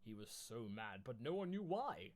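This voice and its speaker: A man's voice: medium pitch, big pitch swings, moderate pace, darkish tone. Mock-serious man reading bad prose. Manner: mock-serious, stumbling over clumsy prose. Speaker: comedy host reading fan fiction. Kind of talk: mock-dramatic reading aloud.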